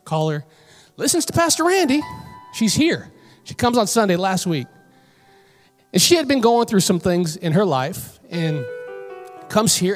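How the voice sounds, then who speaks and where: A woman preaching a sermon in church. She tells a personal story in an animated way and builds to emphatic calls to her listeners. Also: mid-range voice. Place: church sanctuary.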